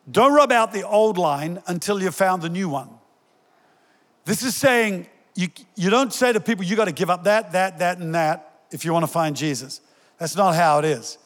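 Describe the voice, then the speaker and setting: An older man preaching a sermon as pastor, energetic and joking with his congregation, rising in pitch when he quotes scripture. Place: large church hall. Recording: long reverb in a large hall.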